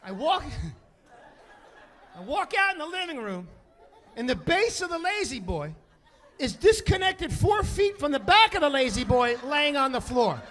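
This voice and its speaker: Middle-aged male stand-up comic, high and bright, swinging all over his range as he acts out a story. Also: a little slow, a faint crowd. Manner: animated, profane, acts out voices. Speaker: stand-up comedian. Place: comedy stage before an audience.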